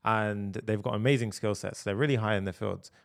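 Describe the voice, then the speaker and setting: A man's voice: on the low side, fairly even intonation, a little fast, vocal fry. A man hosting a casual podcast interview, backing his guest with frequent agreement and rambling through his own thoughts. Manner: rambling, many fillers and restarts, frequent "yeah" backchannel. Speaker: podcast host.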